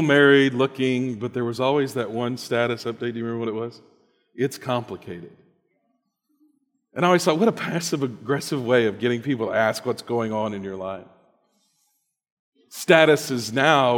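A man preaching a sermon in a conversational, emphatic storytelling manner. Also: medium pitch. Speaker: pastor. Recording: echoey hall.

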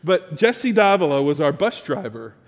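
A man's voice: on the high side, moderate pace, big-room sound. A middle-aged man, a pastor preaching a sermon and telling stories with mounting emphasis. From Texas, USA. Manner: storytelling, animated, with rising emphasis and restarts.

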